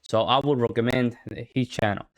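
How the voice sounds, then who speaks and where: A man's voice: mid-range voice, fairly even intonation, moderate pace. A man from the United States hosting a reaction video, talking in a laid-back, slangy way and calling his listeners man and bro. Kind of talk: casual reaction commentary.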